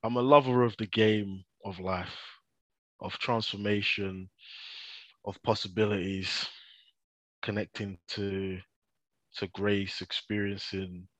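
A man's voice: on the low side, fairly even intonation, slow, pauses often, dry recording, dull audio. A man as a podcast guest, speaking in a laid-back, reflective way with frequent restarts. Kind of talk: casual interview chat.

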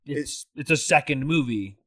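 A man's voice: fairly high pitch, animated, normal speed, fairly bright tone. A man co-hosting a podcast, joking and giving short agreeing replies in casual chat. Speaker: podcast co-host.

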